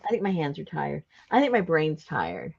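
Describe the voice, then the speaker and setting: Woman, craft host, animated, laughs easily, lo-fi sound. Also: low-pitched, normal speed, gravelly, husky. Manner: laughs often, animated and talkative. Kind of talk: casual chat while crafting.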